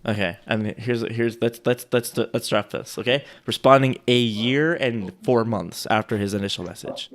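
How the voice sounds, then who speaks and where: A man co-hosting a casual chat, rambling and restarting his sentences, quick to laugh. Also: mid-range voice, slight background noise. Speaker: co-host reviewing sales outreach.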